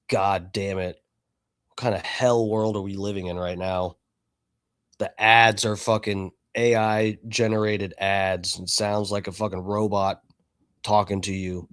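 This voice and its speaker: This man hosts a live stream in a low-leaning, fairly bright voice with fairly even intonation, never hurrying. He keeps up a chatty, foul-mouthed conversation with his chat.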